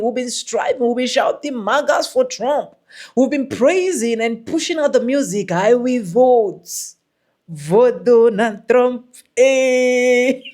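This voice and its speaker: A woman host giving animated reaction commentary, repeating phrases in a preachy way. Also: a little high.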